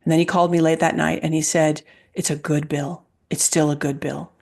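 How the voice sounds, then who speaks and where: A woman guest recounting events with emphatic, quoted dialogue in an animated interview conversation. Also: low-pitched, brisk, vocal fry. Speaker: guest, health freedom advocate.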